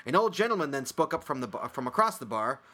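Over a noisy crowd, a podcast co-host, an adult man with a son, reads listener emails aloud in a casual show, cracking jokes, laughing frequently and cursing offhandedly. He's a fast talker with a very animated, mid-range voice.

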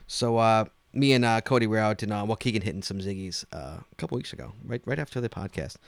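A man hosting a casual podcast, laughing often and reading out listings slowly. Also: lowish voice, no echo. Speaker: podcast host.

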